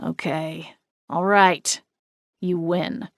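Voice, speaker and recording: A woman's voice: lowish voice, steady tone, very slow, no room sound, clean studio sound. A woman voicing an exasperated, grumbling young husband. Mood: yielding.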